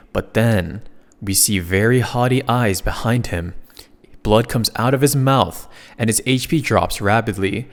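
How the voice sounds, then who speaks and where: A man's voice: on the low side, unhurried, long reverb tail. A man narrating a comic recap in a casual way, slipping in joking asides.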